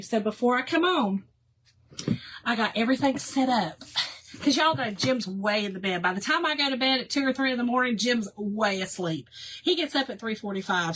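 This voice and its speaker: A woman chatting with live viewers while she works on a craft project, animated and quick to laugh, with soft near-whispered asides. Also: mid-range voice, slight background noise. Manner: chatty and animated, laughs often, calls viewers "y'all" and "girl". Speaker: livestream host doing a craft project.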